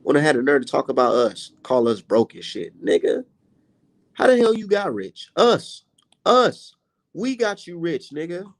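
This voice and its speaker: A man's voice: a little high, very animated, unhurried. A young man hosting a heated, profane rant about boxing and reading viewer comments aloud. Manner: profane, blunt, exasperated. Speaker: boxing commentator and channel host.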